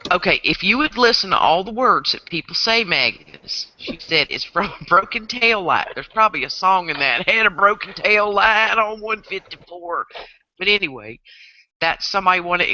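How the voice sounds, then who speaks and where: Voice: mid-range voice, animated, moderate pace, bright, forceful tone, muffled recording, a little hiss or hum. A host, chatting animatedly in a casual group chat and acting out quotes.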